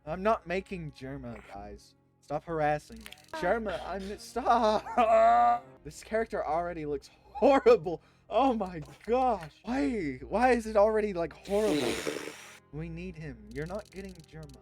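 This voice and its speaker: Brief: playful woman live-streaming a game, laughing and joking, animated, relaxed pace. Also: medium pitch, measured pace, music in the background. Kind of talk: live gameplay commentary.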